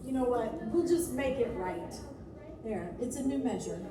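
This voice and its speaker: Picked up from afar in an echoey church room with lots of reverb and background noise, this woman teaches music to a class. Her fairly high, expressive voice moves at normal speed, and she's playful and encouraging, frequently singing solfege syllables.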